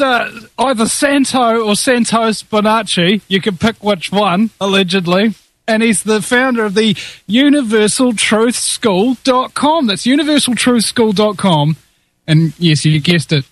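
A man's voice: high-pitched, no echo. A man with a New Zealand accent hosting an interview show, jokey and rambling. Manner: jokey, rambling, many uh fillers. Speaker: host.

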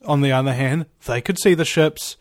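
A man's voice: medium pitch, moderate pace, dry recording, clean studio sound. A man hosting an interview conversation, hesitant with frequent fillers as he tells stories. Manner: hesitant, many fillers, storytelling. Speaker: host.

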